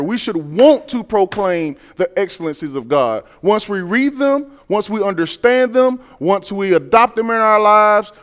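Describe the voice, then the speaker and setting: A man preaching a sermon in an earnest, conversational way, dropping to quiet asides and building to loud emphasis. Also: big-room sound. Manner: earnest, swings between soft low asides and loud rising emphasis; conversational, uses everyday scenarios and repeats key phrases.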